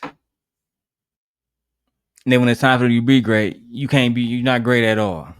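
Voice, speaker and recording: A man's voice: medium pitch, fairly even intonation, moderate pace, clear, resonant tone, no room sound, studio quality. A man hosting a reaction livestream, talking in a blunt, profane, ranting way. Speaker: livestream host. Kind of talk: casual reaction stream chat.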